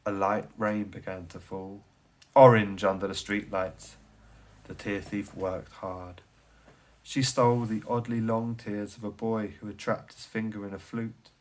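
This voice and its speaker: A man reading a children's story aloud, animated and theatrical, dropping to a hush and then rising to excited bursts. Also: lowish voice, unhurried. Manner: animated, swings from hushed to loud and excited.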